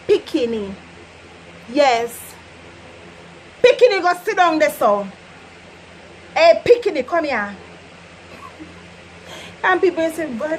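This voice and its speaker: A woman's voice: high voice, a little hiss or hum, poor audio. A Jamaican woman with a casual, playful way of talking, teaching patois in a vlog and often laughing. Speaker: vlogger.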